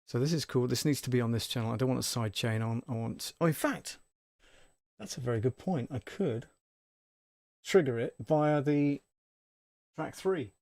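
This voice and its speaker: A man with an everyday mid-range voice hosts a relaxed live-stream tutorial, thinking aloud and checking himself as he goes. The sound is dry and close, with no room around it. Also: medium pitch, normal speed, gravelly, long pauses, no echo. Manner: thinking aloud, chatty, with fillers and self-checks. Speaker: audio producer hosting a live stream. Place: home studio.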